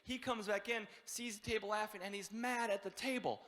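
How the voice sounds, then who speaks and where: A man from the Midwest doing a stand-up comedy set, telling a story with lots of animation and acting out people yelling. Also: high-pitched, fairly even intonation, brisk, big-room sound. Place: comedy show venue.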